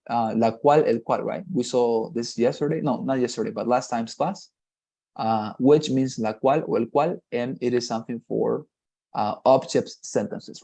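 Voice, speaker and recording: A man teaches an English lesson, going through the grammar one step at a time. His voice is dark and mellow, and he keeps asking "right?" to check his students are following. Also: medium pitch, creaky. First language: Spanish. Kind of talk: online class explanation.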